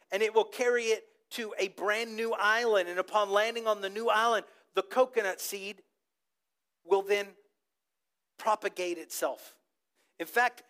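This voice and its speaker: A man's voice: high voice, fairly bright tone. A man preaching a sermon to a congregation, telling stories with animation and asking the crowd to repeat words back. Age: adult with a child old enough to talk. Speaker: pastor.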